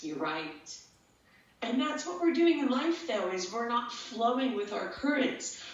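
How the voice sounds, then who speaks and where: A woman's voice: a little high, animated, normal speed. A woman speaking as an interview guest, talking earnestly and at length in a rambling way. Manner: earnest, rambling, gets emotional. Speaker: guest, empath and tattoo artist. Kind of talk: casual interview talk. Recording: echoey, distant, dull sound.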